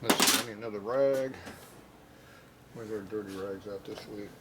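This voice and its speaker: A man's voice: on the low side, moderate pace, heavy background noise. A man doing casual shop talk while he works on a motorcycle outdoors, plain-spoken and frustrated, often mumbling and trailing off. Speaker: motorcycle mechanic. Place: outdoor workshop yard on a windy day.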